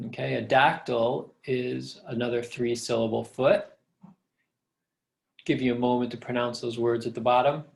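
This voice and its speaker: A man's voice: medium pitch, flat delivery, normal speed, vocal fry. A middle-aged man, a professor, patiently explaining step by step in a recorded lecture.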